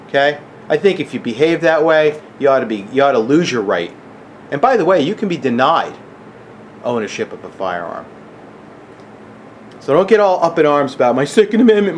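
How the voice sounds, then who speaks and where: A man's voice: mid-range voice, a little hiss or hum. A middle-aged man ranting angrily to camera, agitated and profane, keeps asking "okay?". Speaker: gun channel vlogger. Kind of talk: angry rant to camera.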